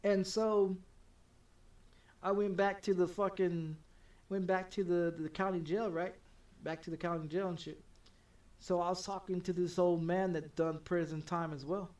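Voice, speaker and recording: A man's voice: high-pitched, little pitch movement, normal speed, darkish tone, recorded from a distance, highs cut off. A male game streamer casually telling a story, swearing a lot and stammering over repeated words. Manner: profane, heated, stammering repetitions.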